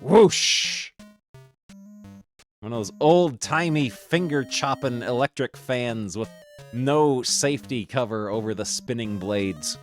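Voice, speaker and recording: A man reading comics aloud on a livestream, playful with deadpan asides, over faint music. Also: mid-range voice, a little slow. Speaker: streamer.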